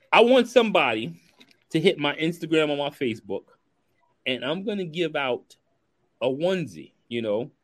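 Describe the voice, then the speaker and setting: A man hosts a laid-back chat, full of slang. He tells stories with energy and acts out every voice in his anecdotes. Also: medium pitch. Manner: animated storyteller who acts out dialogue, slangy. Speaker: podcast host. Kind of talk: casual chat.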